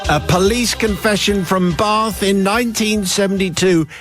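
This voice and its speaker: A man hosts a radio show in a bright, fairly high voice. He is playful and teasing, reading listener messages aloud. Faint music sits under the studio recording. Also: normal speed. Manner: playful, reads letters aloud with put-on accents. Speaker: radio host. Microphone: studio microphone.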